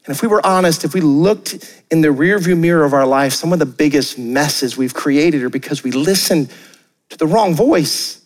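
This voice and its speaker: Young male pastor with a high voice, sermon delivered in a lively, joking style, recorded in a long-reverb church hall. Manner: energetic, conversational, jokey with quick acted asides. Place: church auditorium.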